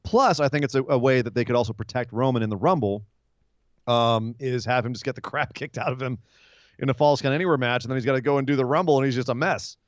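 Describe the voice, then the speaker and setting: A man co-hosting a casual wrestling podcast, telling events in an animated way and acting out wrestlers' lines. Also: mid-range voice, quick pace, dry recording. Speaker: podcast co-host. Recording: dry, dull lo-fi sound.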